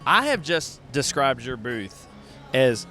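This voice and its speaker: A man hosting an unscripted festival walkthrough, excitable and folksy, talking straight to viewers on a handheld mic. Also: medium pitch, takes it slowly, soft background music. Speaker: host walking a pottery festival. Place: outdoor festival grounds. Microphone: handheld microphone.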